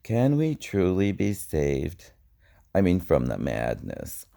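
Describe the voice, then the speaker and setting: A man reading his own spoken-word poetry in a slow, wry, reflective way. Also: low voice, wildly swooping pitch, vocal fry, mellow. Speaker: poet.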